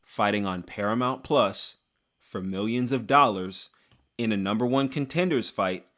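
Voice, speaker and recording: A young man, an MMA commentator, giving an animated, jokey opinion vlog that talks straight to the fighters. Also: fairly low pitch, a little slow, faint music behind. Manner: animated, hyped, jokey, addresses fighters directly.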